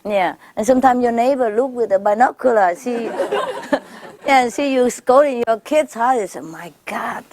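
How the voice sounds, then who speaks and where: A woman spiritual teacher speaking informally to her followers, laughing often and repeating warm phrases. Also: a little high, normal speed. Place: gathering with a live audience.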